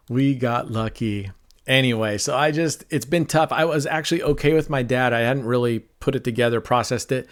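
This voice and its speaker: A man's voice: mid-range voice, clear, resonant tone. A middle-aged man streaming online roulette, talking casually and at length while he plays. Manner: talkative, rambling, self-described mellow.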